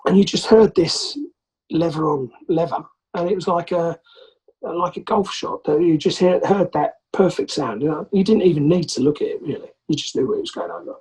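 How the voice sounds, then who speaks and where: A man's voice: a little high, moderate pace, breathy edge, low-quality recording. A man from England, a podcast guest, telling an anecdote and acting out the voices of the people in it. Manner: animated, acts out quoted voices. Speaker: podcast guest, former rugby player. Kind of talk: anecdotal storytelling.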